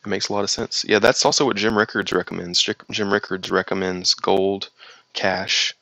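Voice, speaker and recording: Male host with a slight Southern drawl, low and gravelly, reading chat comments and chatting loosely. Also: fairly even intonation, normal speed, bright, forceful tone, no echo, poor audio. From United States. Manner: rambling, reads viewer comments aloud then reacts. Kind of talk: casual chat.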